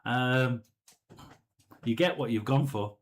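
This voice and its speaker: A man hosting a live tarot session, musing aloud and often clearing his throat. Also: mid-range voice, takes it slowly, rough recording. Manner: musing, talks to himself, frequent throat clearing. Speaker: tarot reader and live stream host. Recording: steady background noise.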